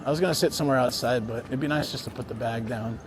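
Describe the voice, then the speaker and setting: A man's voice: medium pitch, fast, noisy background. A man chatting casually to viewers during a travel live stream, rambling and talking straight to his audience. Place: city streets, then a parked car. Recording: music playing under the voice. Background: music.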